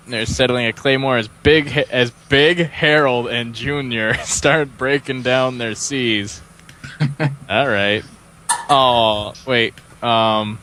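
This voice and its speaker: A man casually reads out screenplay narration on a podcast. His voice is bright and forward, sitting at a middle pitch, and he chuckles through his reading. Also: a little hiss or hum. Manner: laughing, loose narration. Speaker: podcast co-host. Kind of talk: casual screenplay read-aloud.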